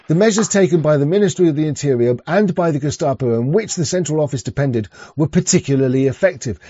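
A man's voice: on the high side, dark tone, dry recording. A man hosting a casual talk show who rambles, swears and often restarts his sentences. He sometimes reads text aloud. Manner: rambling and profane, with frequent restarts. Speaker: podcast host. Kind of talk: casual chat and reading aloud. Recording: dull, dry lo-fi recording.

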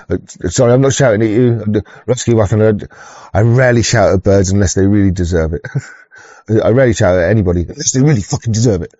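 A man's voice: fairly low pitch, quick pace, mellow, no echo. A man, hosting a livestream in a rambling, profane chat with lots of restarts, heard through a dull lo-fi mic. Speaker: livestream host.

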